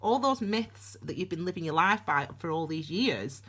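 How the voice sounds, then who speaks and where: A woman in her thirties gives a casual tarot reading straight to camera. Her voice swings widely in pitch, and she rambles warmly, laughs often and restarts her sentences. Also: animated, moderate pace, husky. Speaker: tarot reader. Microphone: camera on desk.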